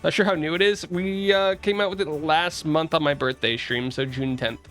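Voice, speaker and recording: A man's voice: a little high, fairly even intonation, normal speed, a bit bright. Chatty young male streamer, faint music. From East Coast of the US. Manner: chatty, reads out chat and greets viewers. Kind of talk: casual livestream chat.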